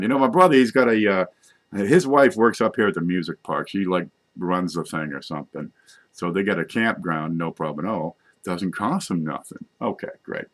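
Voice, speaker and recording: A middle-aged man talking in a loose, folksy, joking monologue, wandering from idea to idea and correcting himself as he goes. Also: low voice. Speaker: vlogger. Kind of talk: rambling comic monologue.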